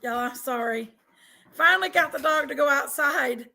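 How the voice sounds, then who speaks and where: A woman hosting a casual livestream chat from home on a webcam mic, loud, laughing and bawdy. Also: high-pitched, normal speed. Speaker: livestream host. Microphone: computer webcam mic.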